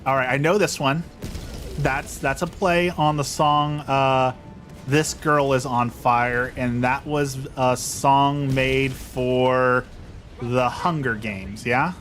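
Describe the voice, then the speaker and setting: Young male streamer, casual and rambling, mid pitch, self-mocking, faint music underneath. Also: fairly even intonation, takes it slowly, fairly bright tone. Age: young adult. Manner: rambling, self-deprecating, frequent restarts. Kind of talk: casual gameplay chat.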